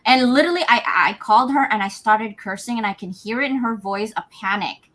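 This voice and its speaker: A woman co-hosting a live talk show, bubbly and animated, and she laughs often as she tells stories. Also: on the high side, fairly quick. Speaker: co-host. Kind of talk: casual live show chat.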